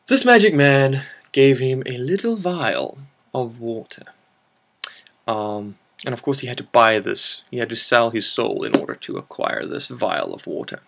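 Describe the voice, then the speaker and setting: A man's voice: mid-range voice, creaky. A man hosting a storytelling video, improvising a silly tale in a playful made-up mixed accent and rambling along with self-mocking asides.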